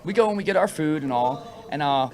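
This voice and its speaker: A man in a band, telling a story casually and acting out what people said. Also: fairly high pitch. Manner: animated, quick storyteller who acts out quotes. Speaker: band member guest. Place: venue room with crowd behind.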